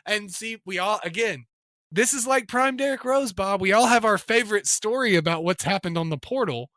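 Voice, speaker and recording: A man in a relaxed podcast chat, his voice high and bright. He talks in a playful, animated way and laughs a lot. The sound is close and dry. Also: moderate pace, no room sound. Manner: jokey, animated, laughs often. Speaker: podcast co-host. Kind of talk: casual chat.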